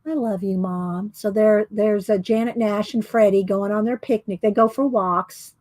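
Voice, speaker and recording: A woman's voice: mid-range voice, fairly even intonation, moderate pace, a little mellow, dry recording. A woman hosting a casual livestream, chatting in a rambling way and thinking aloud as she shows her work. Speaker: livestream host showing her art.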